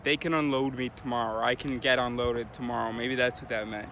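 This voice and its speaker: A man's voice: medium pitch, little pitch movement, brisk, a bit bright. Rambling American man vlogging outdoors. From United States. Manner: rambling and thinking aloud, many fillers. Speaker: hitchhiking vlogger. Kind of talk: casual vlog talk to camera. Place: outdoors by a road and in a vehicle. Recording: noisy outdoor and traffic background.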